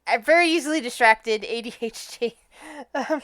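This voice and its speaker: A woman's voice: sits high, normal speed, fairly bright tone, no echo. A woman running a tabletop game as game master, narrating in a rambling, filler-heavy way.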